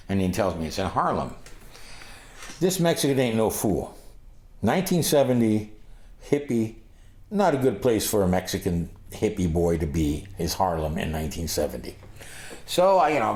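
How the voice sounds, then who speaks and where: A man's voice: lowish voice, very animated, normal speed. A man in his sixties from Los Angeles casually telling a rambling story of his youth, putting on voices for the people he quotes. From Los Angeles, United States. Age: 60s. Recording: roomy echo.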